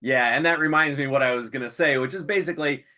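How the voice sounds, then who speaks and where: A man's voice: mid-range voice, fast, bright, forceful tone. Tired man fumbling for words. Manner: fumbling, searching for words, apologetic. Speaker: business coach guest. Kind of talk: casual interview chat.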